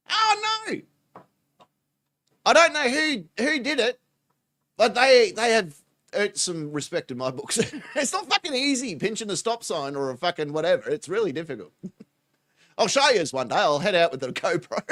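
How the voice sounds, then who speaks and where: A man's voice: sits high, fairly bright tone. A foul-mouthed man hosting a mocking reaction commentary show, laughing as he talks. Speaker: host.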